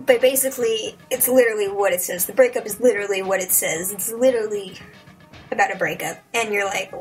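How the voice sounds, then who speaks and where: A young woman giving a casual, profane movie review, rambling and sarcastic, acting out the characters in quick voices. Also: medium pitch, soft background music, low-quality recording.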